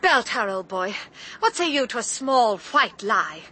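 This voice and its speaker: A woman's voice: on the high side, sing-song, moderate pace, bright, forceful tone, husky, heavily acted. A woman playing a breezy, scheming posh lady sleuth in a comic radio play. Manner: breezy, plummy, theatrical.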